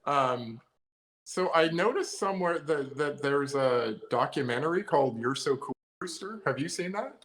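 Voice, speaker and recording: A man's voice: a little high, animated, normal speed, fairly bright tone, low-quality recording. Thoughtful, hedging man in casual chat. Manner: thoughtful, hedging, weighs his opinions. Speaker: co-host. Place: home, remote live show during lockdown.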